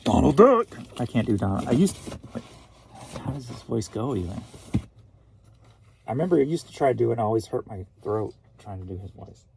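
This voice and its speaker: A man's voice: mid-range voice, lively intonation, fairly quick, creaky, long pauses, dark tone, a little hiss or hum. A man from St. Louis, Missouri, chatting casually at home, joking and riffing playfully on names as he goes. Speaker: online reseller. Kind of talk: casual rambling chat.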